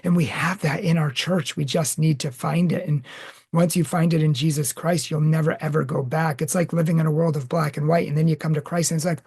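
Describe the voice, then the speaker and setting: Male host with a gravelly, husky voice; eager, easygoing interviewer. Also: fairly high pitch, fairly even intonation, fairly quick, darkish tone. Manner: eager, conversational, loose phrasing. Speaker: podcast host. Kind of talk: casual faith interview.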